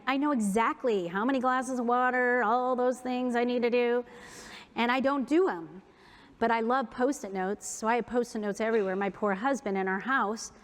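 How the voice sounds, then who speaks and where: A woman giving a keynote talk, leading an audience through breathing and humming exercises. She is upbeat and playful, pokes fun at herself, and slows down for soft, gentle cues. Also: fairly high pitch. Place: large conference hall. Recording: long hall reverb.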